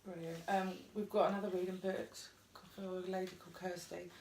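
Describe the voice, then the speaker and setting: A woman co-hosting a live stream, briskly relaying bookings and viewer comments. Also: on the low side, flat delivery, darkish tone. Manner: brisk, practical, relaying messages. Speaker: co-host reading viewer comments. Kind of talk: casual live-stream chat. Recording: echoey room with faint noise.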